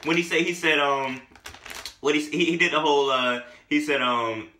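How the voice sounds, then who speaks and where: A man doing a comedic music review, riffing in a joking, exaggerated, animated way. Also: a little high, normal speed, slight background noise. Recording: echoey room.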